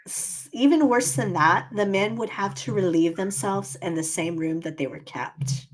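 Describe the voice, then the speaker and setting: A woman's voice: mid-range voice, normal speed. A woman co-hosting a history and hauntings podcast, reading history aloud in a casual, teasing way. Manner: reads history aloud, laughs easily, teasing. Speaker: podcast co-host.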